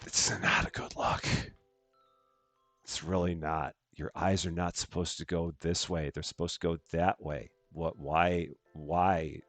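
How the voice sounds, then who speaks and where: A man's voice: deep voice, flat delivery, a little slow, a bit bright, no room sound, soft background music. A man streaming a game live, chatting through his moves and thanking viewers as he plays. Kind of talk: live gameplay commentary.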